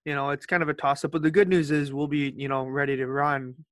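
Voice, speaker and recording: A man co-hosts a podcast and keeps the chat light with jokes and teasing. His voice sits a little high for a man. The recording is dry, with no room echo. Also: flat delivery, quick pace. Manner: joking, teasing, chatty. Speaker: podcast co-host. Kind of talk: casual chat.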